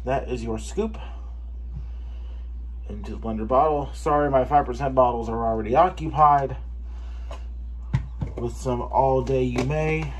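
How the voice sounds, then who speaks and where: A man reviewing a pre-workout supplement in a casual taste-test vlog, excitable and swearing for emphasis. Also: medium pitch, a little hiss or hum. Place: home gym.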